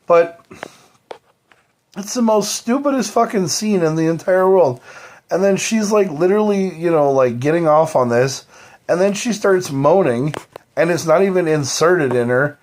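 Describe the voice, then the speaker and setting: A man's voice: fairly high pitch, expressive, normal speed, a little mellow. A man on a live stream, rambling on at length, swearing freely and leaning on fillers like "you know" and "like". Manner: profane, rambling, heavy fillers.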